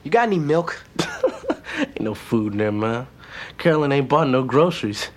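A man's voice: medium pitch, sing-song, normal speed, faint music behind. An actor playing a cocky streetwise young man who talks slangy and dismissive, in a drama scene. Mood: scornful. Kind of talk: stage-drama acting.

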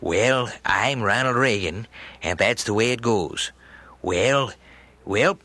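A man doing an impression of a genial aging male president with a breathy folksy drawl, as a demonstration. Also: lowish voice, expressive, slow pace, bright, forceful tone, no room sound, exaggerated voice.

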